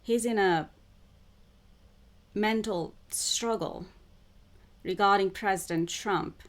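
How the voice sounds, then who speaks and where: A woman who calls herself a psychic channeler, talking to camera in a spiritual monologue, with slow, deliberate phrasing that keeps circling back to the same words. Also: mid-range voice. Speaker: self-described psychic channeler.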